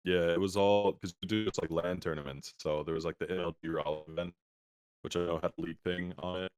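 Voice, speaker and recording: A young man speaks as an interview guest, easygoing and full of filler words. His voice sits very low and has a smooth, resonant tone. The sound is dry and comes over a video call that sometimes stutters. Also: brisk, no room sound. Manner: relaxed, many filler words like "um" and "like". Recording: laggy internet call audio.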